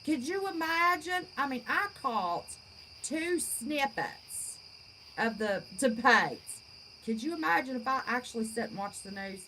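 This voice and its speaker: A woman's voice: sits high, expressive, a little slow, sharp tone, a little hiss or hum, rough recording. A woman in her fifties hosting a livestream, chatting with viewers in a blunt, folksy, outspoken way. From West Virginia. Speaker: channel host. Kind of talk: livestream chat reading viewer comments.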